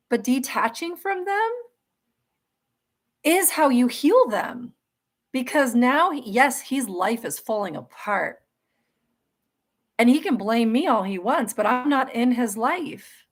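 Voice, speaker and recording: A middle-aged woman hosting a live spiritual question-and-answer talk, earnest and emphatic, often restarting her sentences. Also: on the high side. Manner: earnest and emphatic, with laughs and self-corrections. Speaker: spiritual livestream host.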